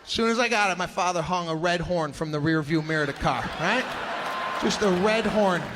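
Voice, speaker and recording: A man doing stand-up comedy, telling stories in an animated, exasperated way. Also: high-pitched, fairly quick, big-room sound, background noise.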